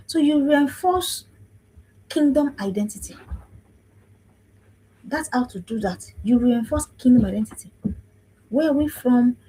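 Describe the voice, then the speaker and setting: A woman's voice: high-pitched, expressive, unhurried, long pauses, mellow, slight background noise, low-quality recording. A woman around forty from Africa, giving a preaching talk on parenting, emphatic, repeating phrases and asking if listeners understand. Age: 40s. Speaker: speaker on parenting. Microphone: livestream.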